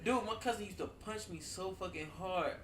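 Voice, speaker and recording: A man casually telling childhood stories to friends, animated and profane, laughing often and saying "dude" a lot. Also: high-pitched, a little fast, distant mic. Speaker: storyteller among friends. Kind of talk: casual chat. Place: at home with friends over wine. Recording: roomy, away from the mic.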